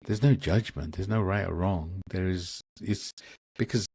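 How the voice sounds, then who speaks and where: A man's voice: sits low, unhurried, a little mellow, husky, dry recording. A man, a spiritual guest on a video call, talking earnestly with many restarts. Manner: earnest, rambling with frequent restarts. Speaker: guest, Akashic Records channel. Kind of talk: casual spiritual conversation.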